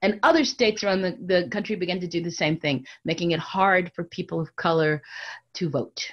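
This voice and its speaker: A woman storyteller telling a story to an audience, swinging between bright raised tones and hushed near-whispers and speaking to listeners directly. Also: on the low side, a little fast, lo-fi sound. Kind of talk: oral storytelling lecture.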